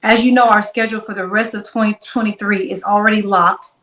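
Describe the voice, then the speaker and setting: A woman's voice: medium pitch, fairly quick, roomy sound, recorded from a distance, poor audio. A woman guest telling a long story in an interview, acting out the back-and-forth of quoted dialogue. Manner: animated, acts out quoted dialogue.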